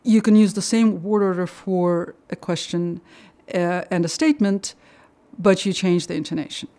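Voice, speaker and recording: A woman's voice: lowish voice, steady tone, normal speed, dark tone. A middle-aged woman whose first language is Russian, a translator talking as a podcast guest, hesitant with many fillers and restarts. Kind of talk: podcast conversation.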